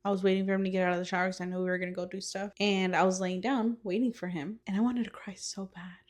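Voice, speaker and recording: Talking quickly in a mid-range voice, this young woman shares a story on the podcast she co-hosts with her sisters. The chat is casual and lively, full of acted-out quotes and frequent laughter.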